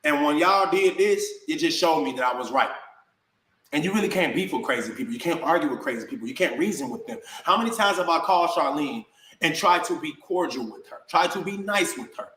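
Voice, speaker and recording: A man's voice: a little high, expressive, fairly quick, fairly bright tone, reverberant, poor audio. A man delivering a heated, confrontational rant straight to camera, full of slang. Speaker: online personality.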